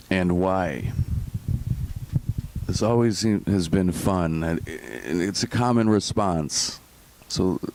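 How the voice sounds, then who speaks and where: Man, interview host, very low voice, relaxed questions, faint background hiss. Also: rough recording.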